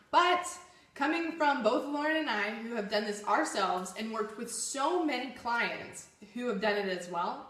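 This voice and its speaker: A woman's voice: on the high side, animated, a little slow, a bit bright, reverberant. A woman co-hosting a live fitness show, chatting casually in an upbeat, encouraging way. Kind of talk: casual live-stream chat.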